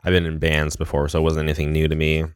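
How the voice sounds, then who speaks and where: A man's voice: extremely low pitch, monotone, quick pace, clear, resonant tone, dry recording, clean studio sound. A man hosting a podcast, casually recapping a movie and rambling with lots of "like" and "um". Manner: rambling, heavy use of "like" and "um". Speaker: podcast host.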